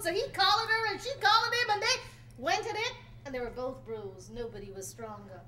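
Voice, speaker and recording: Storyteller, woman, very high and swooping voice, dramatic, chats with the audience. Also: very animated, normal speed. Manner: dramatic, playful, talks directly to the audience. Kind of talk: live folk storytelling performance. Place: college event before a live audience.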